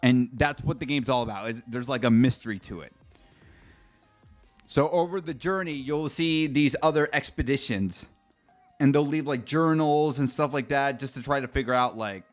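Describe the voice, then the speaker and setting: A man's voice: mid-range voice, normal speed. A man with a mid-range voice rambles through a casual live reaction stream. He chats loosely with his viewers and swears freely. Faint music plays underneath. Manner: chatty and rambling, swears casually, talks to chat.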